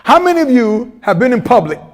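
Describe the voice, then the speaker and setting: A middle-aged man giving a motivational, humorous speech to teachers, animated and telling stories with acted-out voices. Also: very high-pitched, brisk. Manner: animated storyteller, humorous asides, acts out quoted voices. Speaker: keynote speaker at educators' institute day.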